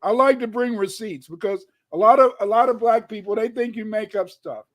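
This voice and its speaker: High-voiced man lecturing emphatically. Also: fairly quick. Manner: emphatic, rising to shouts, repeats phrases. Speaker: guest lecturer. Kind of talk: lecture-style talk reading old documents.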